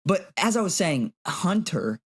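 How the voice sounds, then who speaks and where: A young man co-hosting a podcast, telling a story in an animated, casual way with plenty of "like" and swearing. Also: high voice, measured pace, husky. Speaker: podcast co-host. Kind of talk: casual chat.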